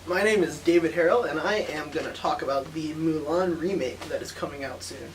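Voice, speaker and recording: A man introducing himself and his topic in a measured, slightly hesitant way. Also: fairly high pitch, crowd noise, rough recording. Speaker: student. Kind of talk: casual commentary.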